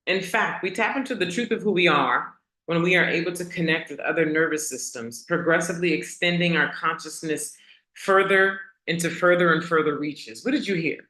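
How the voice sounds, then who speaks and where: A woman hosting a casual motivational talk for her online community, asking rhetorical questions and repeating key lines slowly for emphasis. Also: on the low side, sharp tone, echoey room. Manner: conversational, asks the audience rhetorical questions. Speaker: host.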